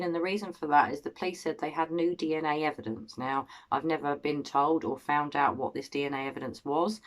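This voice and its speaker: English woman, 30s, low voice; earnest, personal true-crime vlog narration. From Cambridge, England. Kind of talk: casual true-crime storytelling.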